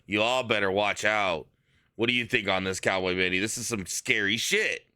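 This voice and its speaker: A man doing comedic wrestling commentary in a measured, incredulous manner. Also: lowish voice, pushed and bright, clean tone, dry recording, studio quality.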